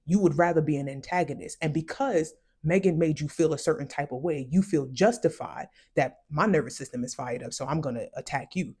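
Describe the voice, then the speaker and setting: Husky-voiced woman doing casual commentary. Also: low voice, warm tone. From United States, raised by West Indian parents. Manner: conversational, emphatic, with slowed-down stressed phrases. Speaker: commentary vlogger.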